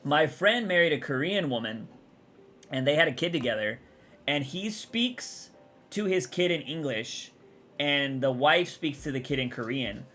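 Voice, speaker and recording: A man's voice: a little high, expressive, measured pace, pushed and bright. Young man rambling on a livestream. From Texas. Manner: rambling, chatty, answers chat aloud. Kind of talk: casual livestream chat.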